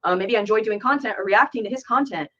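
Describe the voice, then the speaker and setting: A woman's voice: mid-range voice, quick pace, crowd noise. Earnest young woman, muffled clip. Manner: earnest, explanatory, many fillers. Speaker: content creator. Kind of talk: explaining in casual talk.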